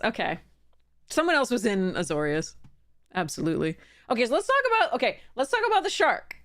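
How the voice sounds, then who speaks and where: A young adult woman chatting casually on a live stream. She rambles and restarts her sentences, filling the gaps with ums. Her voice sits at a middle pitch. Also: a bit bright.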